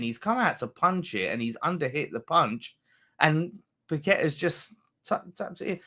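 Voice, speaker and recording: With a voice on the high side and a moderate pace, a fan channel host leads a live football watchalong. He talks excitedly to the people watching, swears a lot, and banters along with the play.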